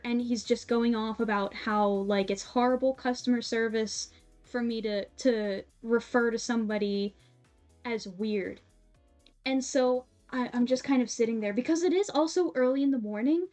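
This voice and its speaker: A young woman streamer casually telling a story while sewing, animated and laughing often, with many fillers. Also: a little high, normal speed. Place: home streaming setup. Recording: soft music behind.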